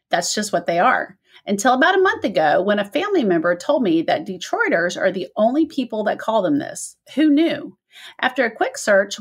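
A woman's voice: mid-range voice, husky. A middle-aged woman co-hosting a casual chat show, laughing often and telling stories about her family. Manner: chatty, laughs often, tells family anecdotes. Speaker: podcast co-host. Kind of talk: casual chat, reading listener submissions.

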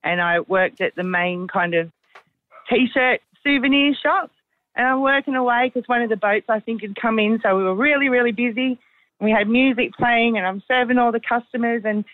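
A woman's voice: fairly high pitch, moderate pace, dry recording. A woman on a call-in line tells her story with some life in it. The line is thin and phone-like, dry and close. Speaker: caller. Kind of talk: phone-in anecdote.

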